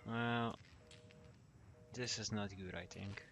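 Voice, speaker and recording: A man's voice: lowish voice, fairly even intonation, slow pace, creaky, a bit bright, soft background music. A young man commenting nervously as he plays a horror game, joking and swearing as he goes. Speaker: gamer.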